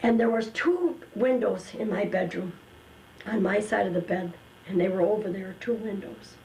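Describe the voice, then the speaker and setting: An older woman telling her personal testimony in an earnest, emotional way, with slow dramatic pauses. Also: mid-range voice, creaky, darkish tone, slight background noise, low-quality recording. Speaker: testimony guest.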